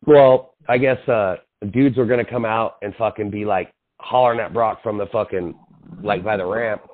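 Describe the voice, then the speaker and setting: A young man co-hosting a podcast, telling a long, profane story with lots of acted-out quotes and fillers. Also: fairly low pitch. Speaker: podcast co-host. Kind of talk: casual chat. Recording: tinny phone-like sound.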